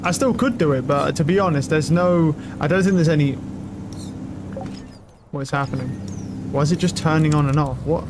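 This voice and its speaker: A young man streaming a game, talking loudly and excitably with lots of swearing to his chat and a friend. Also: on the high side, normal speed, long pauses, noisy background. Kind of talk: casual live-stream commentary. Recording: game music loud behind voice. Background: game music.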